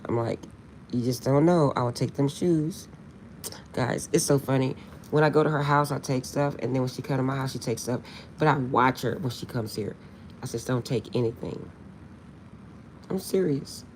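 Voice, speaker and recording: A woman vlogger chats casually to her viewers in a gravelly, fry-tinged voice that rumbles low and is a little mellow. She tells her story animatedly at normal speed with long pauses, laughing often and insisting repeatedly that she's serious, while a faint hiss sits in the background.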